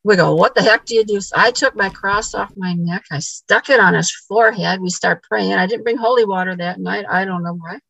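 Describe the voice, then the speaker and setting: A woman with a gravelly, husky voice tells a story in casual conversation, stumbling over repeated words and voicing what each person said. The sound is dry and close. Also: mid-range voice, fairly quick, hardly any pauses, fairly bright tone, no echo, rough recording. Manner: repeats words, acts out quoted dialogue. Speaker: podcast guest.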